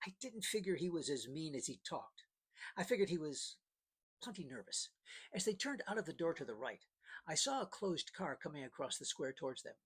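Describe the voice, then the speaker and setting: A man's voice: fairly high pitch, very animated, brisk, fairly bright tone, slightly rough. A man narrating a first-person novel in a dry, plain-spoken storytelling manner. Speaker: audiobook narrator.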